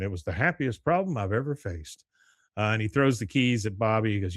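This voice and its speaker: A man hosting a podcast, retelling scenes in a lively chat and jumping into higher voices for the characters' lines. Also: brisk, dry recording. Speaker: podcast host recapping an episode. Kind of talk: casual chat.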